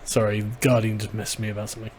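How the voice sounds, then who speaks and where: A man's voice: lowish voice, level tone, racing, darkish tone, a little hiss or hum. A man hosting a casual livestream, reading viewer chat aloud and reacting with wry, sarcastic asides. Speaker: livestream host.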